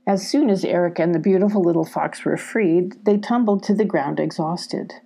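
A woman calmly and gently reading a children's storybook aloud. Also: fairly low pitch, moderate pace, gravelly, breathy edge. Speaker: storybook reader. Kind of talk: scripted children's story narration.

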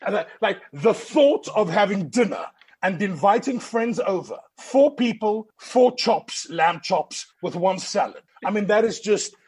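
Husky guy telling stories, talks kinda high, swears a lot, super animated. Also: unhurried. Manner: expressive, swears freely, jumps into voices. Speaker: guest storyteller. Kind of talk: animated anecdotal chat.

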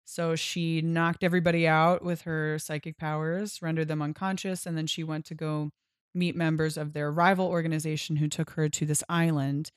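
A woman's voice: sits low, level tone, normal speed, clear, resonant tone, no room sound, clean studio sound. A woman co-hosting a casual comic book podcast, swearing freely and acting out the characters' lines. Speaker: podcast co-host.

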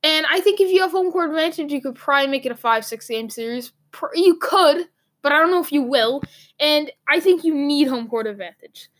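High-voiced Boston woman ranting about sports. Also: lively intonation, brisk, a bit bright. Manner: rambling, emphatic, lots of "like" fillers. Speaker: sports talk host. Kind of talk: opinionated sports commentary monologue.

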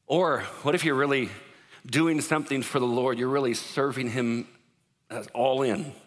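A man's voice: medium pitch, steady tone, moderate pace. A man preaching a sermon in a conversational, joking way. He often puts questions to the congregation. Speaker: pastor. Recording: long reverb of a large hall.

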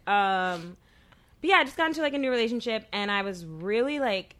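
A woman's voice: medium pitch, a bit bright. A woman in her twenties co-hosting a podcast, telling a personal story candidly with lots of fillers. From New York. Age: 20s. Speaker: podcast co-host. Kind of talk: casual chat.

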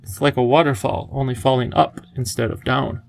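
A man voicing a wise, playful elderly male professor who talks in a gentle, enthusiastic teacherly way. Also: mid-range voice, steady tone, brisk, creaky, no echo, natural voice. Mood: kindly.

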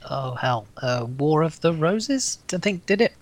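Hesitant, slightly higher-voiced man. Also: sing-song, measured pace, dry recording. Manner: hesitant, searching for words. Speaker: podcast guest. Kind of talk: casual chat.

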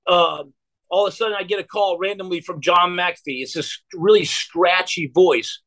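A man's voice: high voice, normal speed, a bit bright, poor audio. A man in his forties telling a long personal story as a podcast guest, rambling and repeating words with many fillers.

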